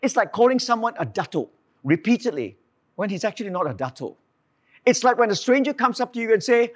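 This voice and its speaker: A man preaching a sermon, telling the story with animated asides and acted-out quotes. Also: extremely high pitch, fairly quick.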